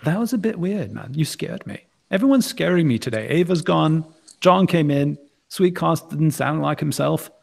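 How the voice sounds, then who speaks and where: A man's voice: a little high, animated, moderate pace, vocal fry, darkish tone. A man hosting a casual live stream, teasing his guests and laughing often. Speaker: stream host.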